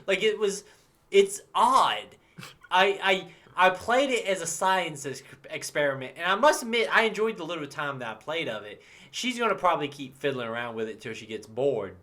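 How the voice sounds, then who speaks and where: Thirties male podcast co-host, bright and punchy, swears freely, laughs through his stories. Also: fairly high pitch, normal speed. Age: 30s. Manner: animated, swearing, laughing storyteller. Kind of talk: casual chat.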